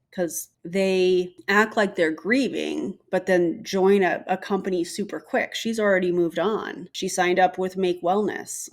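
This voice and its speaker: A woman hosts a critical commentary video. She talks in a pointed, direct way with a sarcastic edge, and her voice sits a little low. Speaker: commentary YouTuber.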